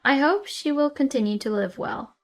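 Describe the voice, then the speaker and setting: A woman's voice: high-pitched, animated, moderate pace. A woman narrating a personal story plainly, in a matter-of-fact way.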